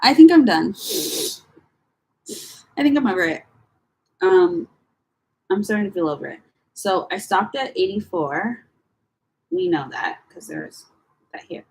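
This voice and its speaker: A young woman chatting casually to camera as she sorts through her files, rambling and swearing with slangy, animated talk. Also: medium pitch, unhurried, long pauses, husky, poor audio. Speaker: vlogger.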